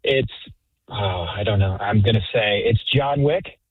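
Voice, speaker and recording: A man's voice: fairly low pitch, unhurried, husky, dry recording. Hesitant male caller on a dull line. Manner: hesitant, unsure. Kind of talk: phone-in quiz answers.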